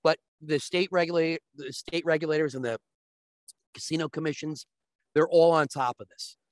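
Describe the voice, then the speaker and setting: Man, slightly high voice, long explanations with restarts, dry close sound. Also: steady tone, normal speed, no echo. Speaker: sports betting guest. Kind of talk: casual explanatory chat.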